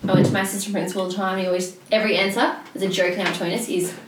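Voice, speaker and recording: A woman's voice: medium pitch, level tone, racing. A young woman, a teacher, chatting on a podcast and laughing often. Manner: giggly, chatty. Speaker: guest, PE teacher. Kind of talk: casual group chat. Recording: echoey room with background noise.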